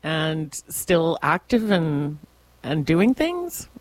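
A woman's voice: deep voice, drawn-out words, no echo. Radio co-host lady, chatty, lots of ums, bouncy voice. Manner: relaxed, reads out a story with fillers and hums. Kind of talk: casual radio chat. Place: radio studio. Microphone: studio microphone.

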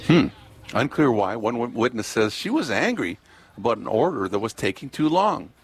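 A man's voice: mid-range voice, big pitch swings, normal speed. A man co-hosting a talk show, reading out news items and joking around in casual chat. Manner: rambling, joking, reading news stories aloud. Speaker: radio co-host.

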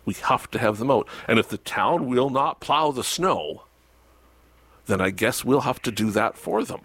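A man speaking as a local municipal official in a casual radio interview, animated, with sarcastic asides. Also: medium pitch, moderate pace, husky, no room sound.

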